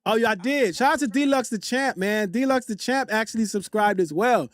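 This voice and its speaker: A man hosting a casual livestream, reading chat aloud in loose slangy banter, repeating phrases and giving frequent shout-outs on a desktop condenser mic. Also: high-pitched, a little fast. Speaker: livestream host. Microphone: desktop USB condenser mic.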